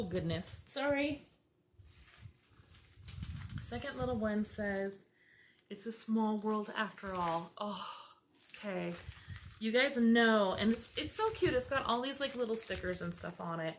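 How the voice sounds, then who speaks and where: A woman's voice: medium pitch, slight background noise. A woman vlogger chatting casually as she unboxes birthday gifts, gushing, gasping and laughing often.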